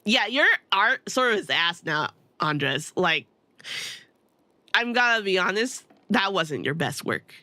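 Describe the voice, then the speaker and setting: A woman's voice: medium pitch, sing-song, takes it slowly, sharp tone, no echo. A young woman streamer giving casual let's-play commentary, blunt and rambling, swearing and laughing often.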